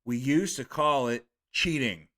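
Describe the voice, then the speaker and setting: A man's voice: mid-range voice, a little slow, bright, forceful tone. A man in his thirties streaming live, reading out viewer names and comments with retakes and stumbles over names.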